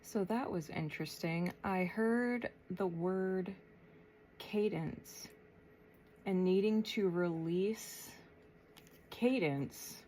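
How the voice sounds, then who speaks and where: Slow, soft-spoken woman tarot reader. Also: medium pitch, slight background noise. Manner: pauses often, thinks aloud, soft and unhurried. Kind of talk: slow, reflective spiritual channeling.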